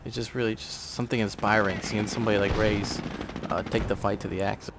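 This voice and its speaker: A man's voice: lowish voice, steady tone, brisk, noisy background. A man giving rambling, sarcastic casual commentary on a strategy game, swearing offhandedly. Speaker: gameplay commentator.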